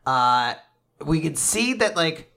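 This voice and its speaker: A man co-hosting a podcast in casual chat, retelling story scenes with lively energy and plenty of swearing. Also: on the high side, takes it slowly. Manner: animated, retells scenes by quoting characters, swears freely. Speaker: podcast co-host. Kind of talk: casual chat recapping a comic chapter.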